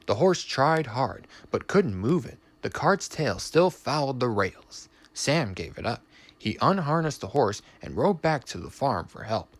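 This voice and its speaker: A man reading a children's storybook aloud in an expressive, lively way. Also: medium pitch, measured pace, dry recording.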